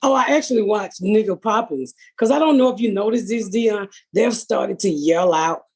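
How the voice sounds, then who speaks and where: Husky middle-aged woman, cussing her way through stories, podcast host. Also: medium pitch, moderate pace, darkish tone. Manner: profane, blunt storytelling. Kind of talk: casual chat.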